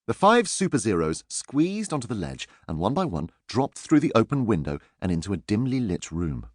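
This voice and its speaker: A man narrating a children's audiobook in an expressive, playful storytelling manner. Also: on the low side, moderate pace, no echo, studio quality.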